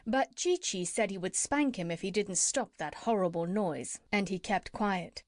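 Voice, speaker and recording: A woman narrating a classic children's story as an audiobook, steady and gentle. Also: mid-range voice, measured pace, dry recording, studio quality.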